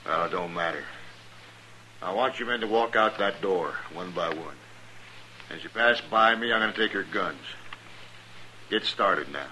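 An actor playing a threatening outlaw with a low drawl in a 1950s radio western. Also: male voice, a little slow, long pauses, pushed and bright, a little hiss or hum, exaggerated voice, low-quality recording. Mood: menacing. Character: menacing outlaw holding hostages.

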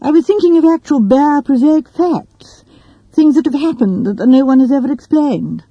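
A woman's voice: sits high, lively intonation, normal speed, no room sound, muffled recording, pitched above the performer's own voice. A woman voicing a self-conscious young male writer who talks earnestly and a little pompously. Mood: protesting.

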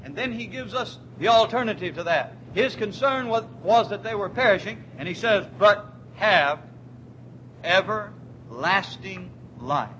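A man preaching a sermon, who repeats his key words for emphasis and slows down when quoting scripture. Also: high voice, lively intonation, fairly bright tone, highs cut off, slight background noise. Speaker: pastor.

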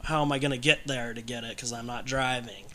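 A man talks candidly in a casual conversation, rambling along with plenty of fillers and restarts. His voice is bright and sits at a middle pitch. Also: fairly even intonation, brisk. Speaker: guest telling his recovery story.

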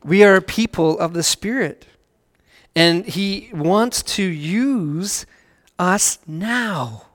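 A man preaching a sermon as pastor, earnest, swelling louder on key phrases and dropping to a hush on scripture. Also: high-pitched, slow pace, in a large hall.

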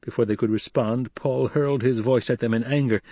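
A man narrating an audiobook in a measured, even delivery. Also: medium pitch, breathy edge, no echo.

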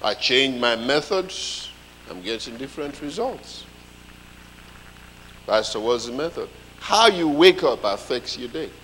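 A man preaching a sermon, telling a story with lively comic voices. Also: mid-range voice, unhurried, long pauses, long reverb tail, a little hiss or hum, poor audio.

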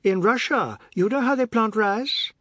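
A man's voice: high voice, measured pace, a bit bright, no echo, pitched above the performer's own voice. A man reading a novel aloud, voicing a boastful, self-assured man who lectures a family about Russia. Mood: lecturing. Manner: grand, self-assured speechifying.

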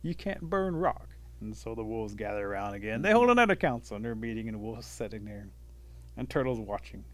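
Animated male folk-tale storyteller. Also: on the low side, fast talker. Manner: animated, lively voice shifts. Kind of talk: telling a traditional folk tale.

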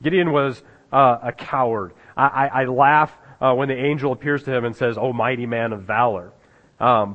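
Halting pastor in a reverberant hall. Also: male voice, medium pitch, fairly bright tone. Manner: halting, many fillers and restarts, chuckles at the text. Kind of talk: conversational sermon. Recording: dull sound in a reverberant hall.

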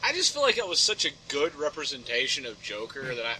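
Bright, animated male podcast host. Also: fairly high pitch, slight background noise, poor audio. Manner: animated, joking, full of "like" and quick voice impressions. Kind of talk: casual chat.

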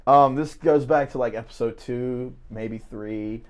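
A man's voice: medium pitch, a little slow, slight background noise. A man co-hosting a podcast in casual chat, joking and teasing the others and laughing at his own lines. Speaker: podcast co-host.

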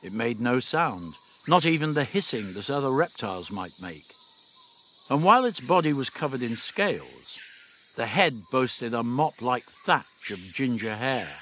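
A man's voice: mid-range voice, very animated, unhurried, noisy background. A man reading a story aloud as an audiobook narrator. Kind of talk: scripted narration.

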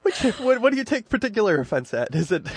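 A man co-hosting a podcast in casual chat, joking and animated. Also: high voice, fast talker, slightly rough, dry recording. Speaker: podcast co-host.

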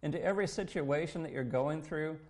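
A man preaching a sermon in an earnest, measured way, quoting scripture. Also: a little high. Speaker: pastor.

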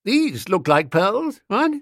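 A man voicing an excitable young upper-class gentleman who talks in an eager, exclamatory way. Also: high voice, slow pace, no room sound, clean studio sound, voice pushed up, full character voice. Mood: chirpy.

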